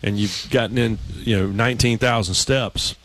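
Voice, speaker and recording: A man's voice: on the low side, fairly even intonation, moderate pace, a bit bright. A man co-hosting a radio show, chatting casually and telling stories with many restarts. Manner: rambling, storytelling with many restarts.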